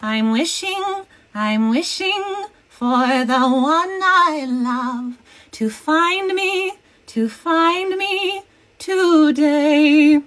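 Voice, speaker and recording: A woman's voice: extremely slow, a bit bright, soft background music, full character voice. A woman doing a warbly Snow White. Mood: wistful. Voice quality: high, warbly singing. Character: sweet young princess singing a wishing song.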